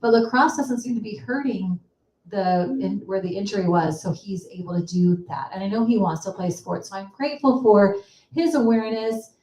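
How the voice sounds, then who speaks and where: A woman's voice: medium pitch, normal speed, warm tone. A woman co-hosting a casual chat, telling stories in a chatty, laughing way. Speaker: co-host. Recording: roomy, distant mic.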